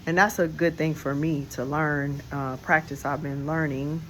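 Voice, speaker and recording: A storyteller vlogger sits outdoors on a porch, holding a phone in hand, and shares a real-life story in a casual, reflective, slangy style. The voice is medium-pitched and fairly bright, with fairly even intonation and a slightly slow pace. There's a little hiss or hum in the recording.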